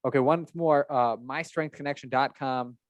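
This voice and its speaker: A man hosting a podcast in a relaxed, chatty way, often laughing at his own jokes. His voice sits at a middle pitch and comes across dry and close, with no room sound around it. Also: moderate pace, dry recording, lo-fi sound. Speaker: podcast host. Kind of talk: casual interview chat.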